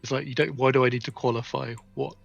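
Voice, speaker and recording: A man's voice: medium pitch, fairly even intonation, quick pace, vocal fry, lo-fi sound, faint music behind. A man, a game developer, chatting casually on a dev stream, telling wry, rambling anecdotes.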